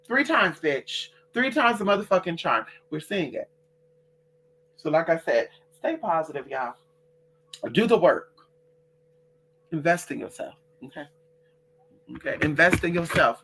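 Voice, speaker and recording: A woman's voice: mid-range voice, fairly bright tone. A woman hosting a casual livestream, talking bluntly and with plenty of profanity while reading out and answering her viewers' comments. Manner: reads out and answers chat comments. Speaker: livestream host.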